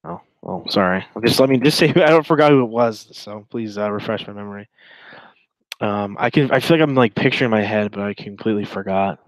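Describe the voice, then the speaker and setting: A man's voice: lowish voice, fairly quick, dry recording, low-quality recording. A man in his twenties giving casual, rambling reaction commentary while reading a chat log, with sarcastic asides.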